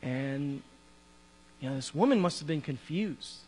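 A man's voice: on the high side, lively intonation, a little slow, a little mellow, slightly rough. Man preaching a sermon in a reverberant hall. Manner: conversational, acts out dialogue. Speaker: pastor. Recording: reverberant hall with mains hum.

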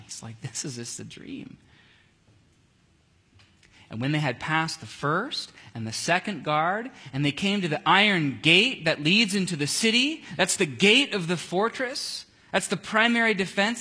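A man leading a casual Bible study, animated and jokey, acting out scenes as he reads. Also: high-pitched, breathy edge.

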